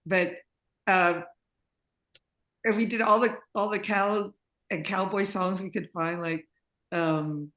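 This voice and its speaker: A woman's voice: medium pitch, unhurried, pauses often, fairly bright tone. Woman, chatty interviewee, laughs a lot, rambling anecdotes, video call. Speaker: interviewee, singer and composer. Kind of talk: casual interview chat.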